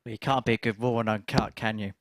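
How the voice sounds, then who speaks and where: A man's voice: lowish voice, fairly even intonation, fast talker, no echo. A man co-commentating on darts with wry, teasing remarks. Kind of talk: live sports commentary with banter.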